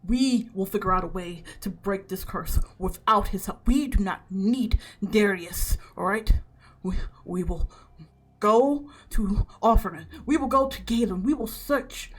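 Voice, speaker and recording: A woman's voice: mid-range voice, a little slow, slightly rough. A woman voicing a proud, stern old grandfather who speaks in a commanding, insistent way in a tabletop game. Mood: defiant.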